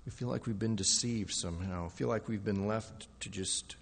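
A man preaching a sermon with dramatic shifts from soft, low passages to loud, pleading outbursts. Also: normal speed, vocal fry, in a large hall. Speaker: pastor.

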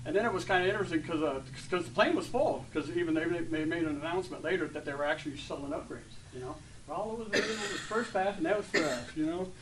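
A man in his fifties gives a casual, emotional testimony to a group, stumbling through fillers and restarts before bursting into lively retellings. His voice sits a little high for a man. He is picked up from a distance, with a faint hum of room ambience behind him. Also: fast talker, hardly any pauses. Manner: rambling and heartfelt, with many fillers and restarts; gets loud and animated when retelling stories. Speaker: church member sharing a testimony.

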